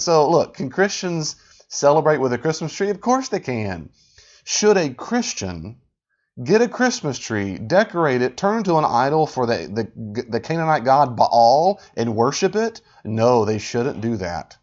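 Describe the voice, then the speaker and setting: A man hosting a podcast, talking with animated, sarcastic exasperation as he rebuts a video. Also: mid-range voice, a little slow. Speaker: podcast host. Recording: dull lo-fi audio.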